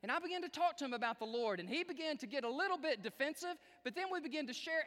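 Male pastor, high, swooping delivery, talks right to the pews, long hall reverb. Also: fast, hardly any pauses. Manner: animated storytelling, talks directly to the congregation. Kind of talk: sermon.

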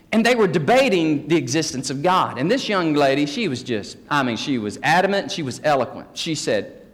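A man preaching a folksy teaching sermon, joking with his congregation. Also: high-pitched. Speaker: pastor. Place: church sanctuary. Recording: long hall reverb.

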